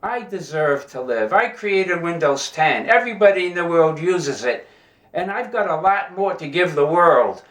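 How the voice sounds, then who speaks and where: A man's voice: a little high, lively intonation, moderate pace, fairly bright tone. A man voicing a smug, boastful rich tech man in a joke, in a fairly roomy recording. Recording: roomy echo.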